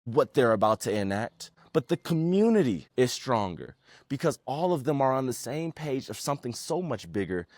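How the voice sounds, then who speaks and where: A man hosts his own podcast alone, talking through ideas earnestly. His voice sits in a middle pitch, and he moves between storytelling and reflective musing. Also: very animated, moderate pace, darkish tone, no echo, clean studio sound. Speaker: podcast host. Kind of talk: solo podcast commentary.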